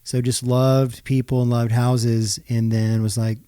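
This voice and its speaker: A man's voice: medium pitch, little pitch movement, unhurried, dark tone, smooth, no room sound, clean studio sound. A man in his thirties, a realtor chatting as an interview guest, telling stories and acting out bits of dialogue. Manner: chatty storyteller, acts out quoted dialogue. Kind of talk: casual interview chat.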